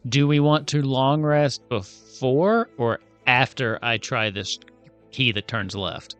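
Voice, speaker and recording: A man playing and hosting a tabletop game, chatty and quick to laugh. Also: mid-range voice, fairly even intonation, fairly bright tone, faint music behind. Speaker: player and show host. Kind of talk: casual tabletop game chat.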